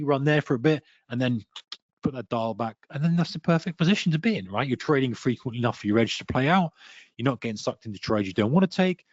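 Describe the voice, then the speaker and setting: A man coaching traders in an online lesson, lively and direct, now and then slipping into the voice of an annoyed trader. The sound is dry and close, with a slightly dull, muffled tone from the webinar audio. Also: mid-range voice, no room sound. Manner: energetic, talks to listener directly, acts out a trader's inner voice. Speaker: trading coach.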